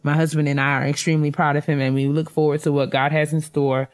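A woman's voice: low voice, little pitch movement, quick pace. A woman co-hosting a casual podcast, reading listener emails and congratulating graduates with easy laughter. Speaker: podcast co-host.

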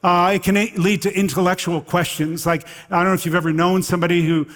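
Male pastor, fairly high voice, chatty preaching with restarts, long hall reverb. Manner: conversational, animated storytelling with halting restarts. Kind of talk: sermon.

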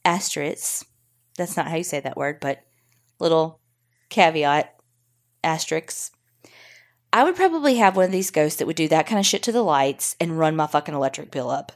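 A woman's voice: sits low, sing-song. A woman co-hosting a podcast, joking and swearing in casual chat. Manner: playful, swears, quick joking reactions. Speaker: podcast co-host.

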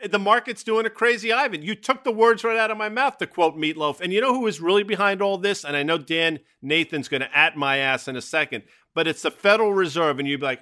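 Man, podcast co-host, bright forceful voice, a little high, emphatic and opinionated. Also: quick pace, hardly any pauses. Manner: emphatic, opinionated, name-dropping movie quips. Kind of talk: casual market talk.

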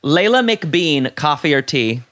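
A man hosting a podcast in casual chat, playful and campy, reacting quickly. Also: on the high side, sing-song, a bit bright. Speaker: podcast host.

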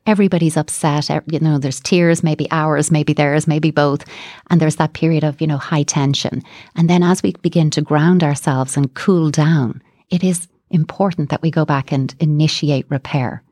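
A woman speaks as a psychotherapist guest on a podcast, calm and explanatory. Her voice sits low. The sound is dry and close, with no room echo. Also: moderate pace. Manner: calm, explanatory, acts out example dialogue. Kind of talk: podcast interview, explaining advice.

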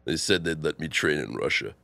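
A man voicing a gruff, stubborn boxer with a low, mumbling tough-guy delivery, in a comic podcast reading. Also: animated, fairly quick, bright, forceful tone, no room sound, heavily acted. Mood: brooding.

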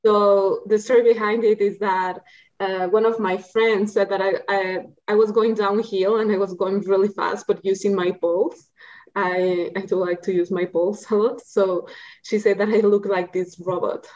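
A woman's voice: medium pitch, little pitch movement, normal speed, darkish tone, muffled recording. A woman from Mexico, a guest in a casual interview, talking thoughtfully and hunting for the right words. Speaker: podcast guest.

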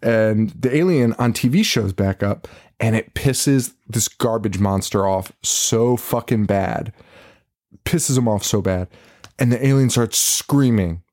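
With a fairly low voice and measured pace, a male podcast co-host walks through a movie recap. It's a profane, laughter-filled, animated retelling delivered casually.

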